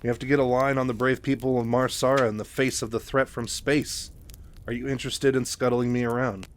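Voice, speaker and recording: A man voicing a wry, fast-talking male war reporter in a casual, nonchalant way in a storybook recap. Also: medium pitch, flat delivery, natural voice. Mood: breezy. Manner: breezy, nonchalant.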